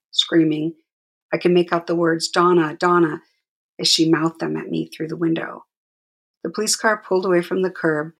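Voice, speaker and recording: A woman narrating her own memoir in a quiet, measured way. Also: low voice, creaky, breathy edge. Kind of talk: reading a memoir aloud.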